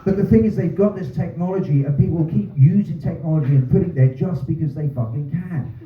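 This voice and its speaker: A man from North doing a stand-up set, ranting and swearing with dry deadpan asides. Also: a little high, a little fast. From North London. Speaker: stand-up comedian. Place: small pub comedy room. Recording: roomy, distant, phone-like sound. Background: audience laughter.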